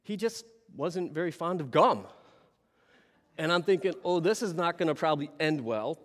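A man telling a story to an audience in an animated way, often turning to ask the listeners questions. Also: fairly high pitch, moderate pace, in a large hall. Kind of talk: storytelling talk.

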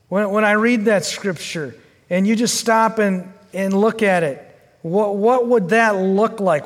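A male pastor preaching a sermon, asking the congregation questions and swinging from fervent pleading to quiet, low reflection. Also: measured pace, long reverb tail. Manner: earnest and questioning, rising to fervent pleading then dropping low.

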